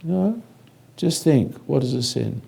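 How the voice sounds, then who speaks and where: Gravelly, dark-voiced older man teaching. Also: a little high, very animated. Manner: slow, halting, commanding, speaks directly to a listener. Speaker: spiritual teacher. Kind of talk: guided spiritual lecture.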